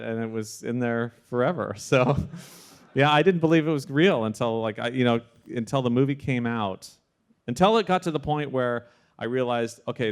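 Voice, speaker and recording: A man, a sound supervisor, telling a story in a casual interview with animated delivery and frequent restarts. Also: medium pitch, smooth.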